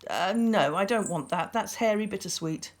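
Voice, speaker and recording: A woman's voice: medium pitch, expressive, moderate pace, natural voice. A woman voicing a fussy, nervous old male wizard in a storybook, fluttery and anxious. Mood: musing.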